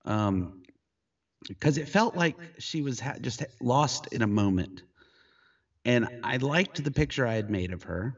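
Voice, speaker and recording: A middle-aged man, a photographer, telling a story in casual conversation, animated and jumping high in pitch when he quotes himself, heard over a video call. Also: a little slow, husky, recorded from a distance, muffled recording. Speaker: photographer guest.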